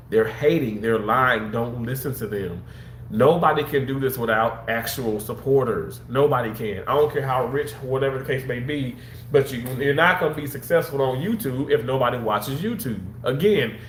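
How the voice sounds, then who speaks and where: A man's voice: mid-range voice, reverberant, slight background noise. A man talking straight to his viewers on a casual livestream, rambling and repeating himself, a little under the weather. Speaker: livestream host.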